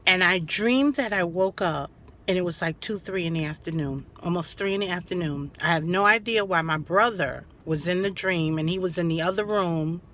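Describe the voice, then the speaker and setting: A middle-aged woman telling a story to her viewers in a casual, animated way, acting out the quotes and laughing as she goes. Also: on the low side, normal speed. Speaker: vlogger.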